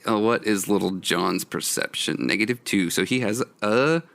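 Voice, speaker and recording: A man's voice: lowish voice, moderate pace, gravelly, a bit bright. A man narrating as game master of a tabletop game, with many fillers. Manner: hesitant, many fillers, laughs often.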